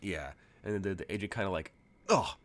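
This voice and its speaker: Deep-voiced man narrating a tabletop game. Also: fast. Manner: casual, full of fillers. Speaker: game master.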